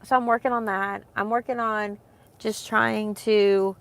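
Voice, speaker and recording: Gravelly-voiced woman in rambling heartfelt chat. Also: mid-range voice, fairly even intonation, a little slow, fairly bright tone. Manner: rambling, heartfelt, with many fillers. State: emotional, close to tears. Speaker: vlogger, homeschooling mom. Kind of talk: casual chat to camera.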